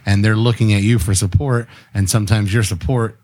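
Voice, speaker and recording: Low-pitched male co-host, relaxed and profane, good at retelling stories. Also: fairly quick. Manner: relaxed, swears casually, retells stories with quoted dialogue. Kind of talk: casual chat.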